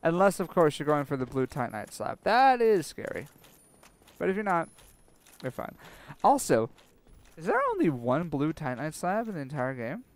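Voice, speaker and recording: A young man commentating his own gameplay, sarcastic and self-mocking, swearing freely and panicking out loud when things go wrong. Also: a little high, very animated, normal speed. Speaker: let's play commentator.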